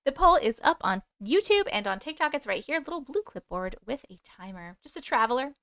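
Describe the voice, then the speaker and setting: A woman's voice: high-pitched, very animated, brisk, fairly bright tone. A woman hosting a livestream who reads viewer stories aloud and chats back to comments, now and then singing snatches of songs. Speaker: host reading viewer stories. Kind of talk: casual livestream chat and story reading.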